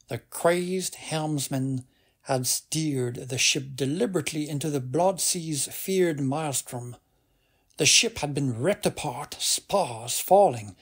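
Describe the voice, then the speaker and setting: A man narrating a fantasy novel as a bedtime audiobook, in a soft, unhurried and even manner with a gravelly, husky voice. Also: mid-range voice. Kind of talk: slow bedtime audiobook reading.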